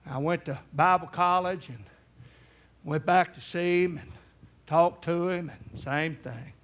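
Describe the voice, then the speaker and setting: A middle-aged man preaches in a voice pitched well above most men. He tells a story and acts out the people in it, his voice climbing toward a cry at the emotional peaks. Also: a little slow. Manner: acts out quoted voices, rising to near-shouts in emotional peaks. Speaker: evangelist. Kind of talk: sermon storytelling.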